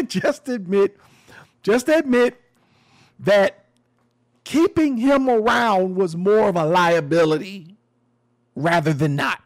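A man with a fairly high voice talks slowly through a casual commentary. He is sarcastic and emphatic, and he circles back over his own words. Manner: sarcastic, emphatic, repeats phrases.

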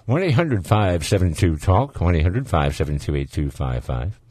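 A man's voice: deep voice, lively intonation, moderate pace, darkish tone, slightly rough, no echo. A man with a Southern US accent hosting a call-in radio show, folksy and easygoing in casual chat. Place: radio studio.

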